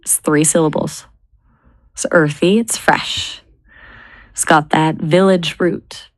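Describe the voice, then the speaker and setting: A woman talks through ideas in an unhurried, measured way, often spelling words out letter by letter. Her voice sits a little low and she takes her time. The recording is close and dry. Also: fairly even intonation, no room sound. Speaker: brainstorming assistant. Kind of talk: casual brainstorming chat.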